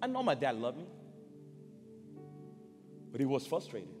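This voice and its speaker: A middle-aged man preaches a sermon built around a personal story, speaking emotionally and haltingly, repeating words and swinging between loud and soft. His voice is medium-pitched and sing-song, with long hall reverb and faint music in the recording.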